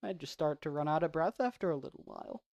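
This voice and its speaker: A man's voice: fairly high pitch, quick pace, gravelly, no room sound. A man streaming a game, chatting casually and rambling in a self-deprecating way. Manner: soft-spoken off stream. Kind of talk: casual livestream chat.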